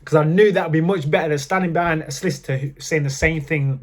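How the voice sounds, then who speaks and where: A man's voice: fairly high pitch, quick pace. A man telling candid personal stories to camera in a chatty way, with frequent fillers. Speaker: vlogger. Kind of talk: casual storytelling to camera.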